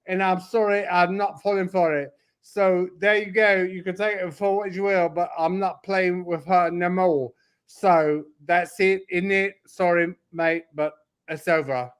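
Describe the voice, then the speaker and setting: A man's voice: high-pitched, fairly even intonation, a little slow, clear, resonant tone. A man putting on a mock Cockney accent, ranting as an indignant British bloke. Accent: put-on Cockney.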